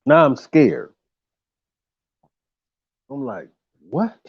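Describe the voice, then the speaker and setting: Animated man telling a tour story. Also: mid-range voice, unhurried, lo-fi sound. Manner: animated, slangy and profane, shouting quoted lines. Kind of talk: casual storytelling.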